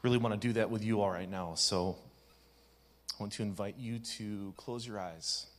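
Low-voiced pastor leading a meditation. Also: male voice, brisk. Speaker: youth pastor. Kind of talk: guided meditation in a sermon.

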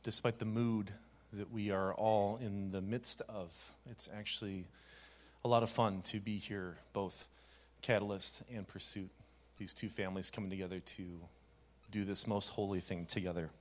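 A man, a pastor, leading a congregation through a gentle guided meditation with easy fillers. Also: fairly low pitch, fairly even intonation, normal speed. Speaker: youth pastor.

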